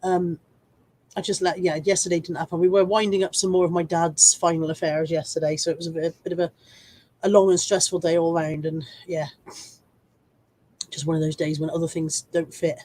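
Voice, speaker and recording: A woman's voice: on the low side, little pitch movement, fairly quick, warm tone. A woman hosting a casual live stream while full of a cold, chatting, rambling and poking fun at herself as she greets viewers by name. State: congested with a cold, coughing.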